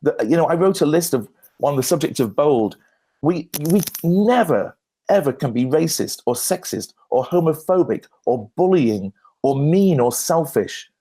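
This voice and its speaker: A man, a branding expert guest at a conference Q&A, telling lively anecdotes with self-deprecating humor and frequent restarts. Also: a little high, unhurried. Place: conference stage.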